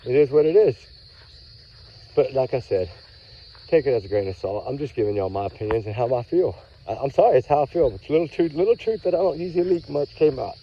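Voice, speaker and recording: A man talks in a loose, chatty ramble to his viewers, his voice sitting at an ordinary middle pitch. He is outdoors in the woods, hot and sweaty, and keeps circling back to friendly sign-offs. The sound comes through a muffled, lo-fi phone mic. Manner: folksy, chatty, repeats warm sign-offs. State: hot and sweaty from a long walk. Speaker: true-crime vlog host. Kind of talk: rambling casual vlog chat. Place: outdoors by a creek bank in the woods. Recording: dull lo-fi phone audio.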